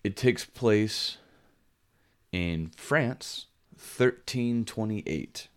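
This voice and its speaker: Very deep-voiced man chatting casually. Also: extremely slow, smooth. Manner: relaxed, rambling, frequent fillers. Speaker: podcast co-host. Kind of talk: casual chat.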